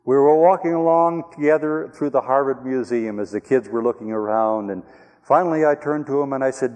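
Older pastor telling a story in a reverberant hall. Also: male voice, mid-range voice, unhurried, pauses often, a little mellow. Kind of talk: storytelling sermon.

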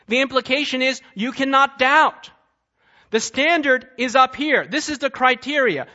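High, bright-voiced male preacher. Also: lo-fi sound. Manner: emphatic teaching with rhetorical questions. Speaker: pastor. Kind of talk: sermon.

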